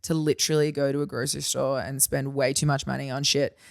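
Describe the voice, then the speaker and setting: A woman's voice: a bass voice, flat delivery, quick pace, gravelly. A woman guest on a podcast, talking bluntly in casual chat and swearing freely.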